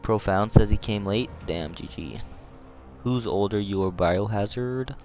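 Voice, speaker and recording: Man, streamer, low-ish voice, casual slangy commentary, excitable shouts, music in the background. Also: a little slow. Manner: excitable, slangy, jumps to shouts at tense moments. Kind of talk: casual live commentary over replays.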